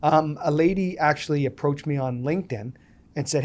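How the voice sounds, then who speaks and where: A man's voice: a little high, normal speed. A man in his thirties, a business owner being interviewed, telling stories casually and acting out the dialogue. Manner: animated storyteller, acts out quoted dialogue. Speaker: podcast guest, business owner.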